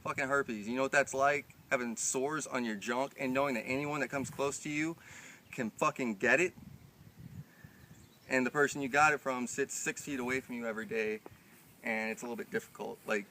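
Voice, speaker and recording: A man's voice: mid-range voice, steady tone, a little fast, pushed and bright. A young man performing a live show, telling a profane personal story with intensity that builds into heated outbursts, then moving into spoken word poetry.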